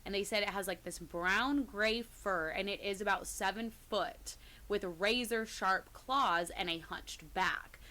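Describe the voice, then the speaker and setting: A woman co-hosting a podcast and chatting her way through creepy stories with a bright, forward tone. She now and then drops into a hushed voice for the scary parts and laughs easily. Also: medium pitch, a little slow. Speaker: podcast co-host. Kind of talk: casual storytelling chat.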